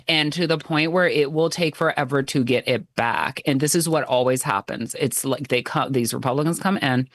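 A man in casual political chat, ranting in an animated, exasperated way and acting out the people he quotes. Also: medium pitch, normal speed, no room sound.

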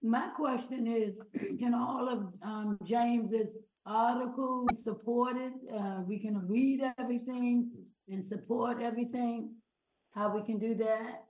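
A woman's voice: on the high side, steady tone, unhurried, a little mellow. Woman in a roomy, echoing space. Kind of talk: radio interview. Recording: roomy echo.

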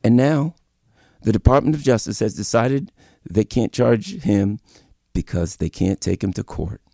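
A man hosting a political commentary show, delivering an animated opinion monologue full of repeated points and rhetorical questions. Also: low voice, creaky, no echo, clean studio sound.

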